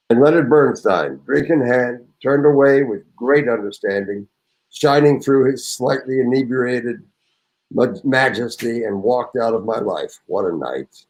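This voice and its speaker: A man's voice: mid-range voice, poor audio. A man around seventy, an actor and guest, reading a memoir anecdote and chatting in a raucous, theatrical way.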